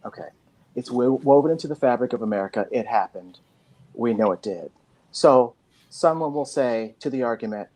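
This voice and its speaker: A woman's voice: extremely low pitch, unhurried, warm tone. A woman in a casual group discussion, talking emphatically and acting out both sides of arguments. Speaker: panel guest.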